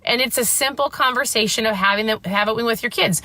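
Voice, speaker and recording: Emphatic woman ranting to camera, bright voice. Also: a little high, a little fast, no room sound. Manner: emphatic, ranting, repeats "guess what". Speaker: host. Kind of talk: casual direct-to-camera talk.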